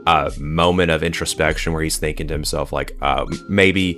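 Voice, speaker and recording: A man's voice: rumbling low, flat delivery, brisk, a bit bright, soft background music. A man giving a blunt, profane and scornful rant as a movie reviewer. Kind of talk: ranting film review.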